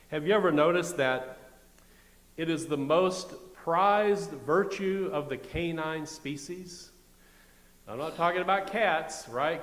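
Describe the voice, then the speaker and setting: Midwestern man, middle-aged pastor, fairly high voice, wry conversational sermon, long church reverb. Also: a bit bright. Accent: Midwestern American. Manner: conversational and wry, with asides to the congregation. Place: church sanctuary.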